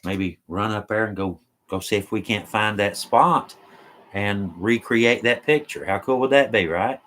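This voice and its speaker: A man's voice: fairly low pitch, measured pace, a bit bright. A man, hosting a casual live chat from home and reading viewer comments in an easygoing, folksy way with lots of laughter. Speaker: live stream host.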